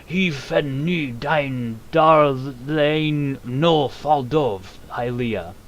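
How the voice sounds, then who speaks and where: A man voicing an egotistical male dragon who chants slowly in dragon tongue, in a voice that is not gravelly. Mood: menacing. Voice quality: not gravelly, higher than his own voice. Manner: slow drawn-out incantation in dragon tongue.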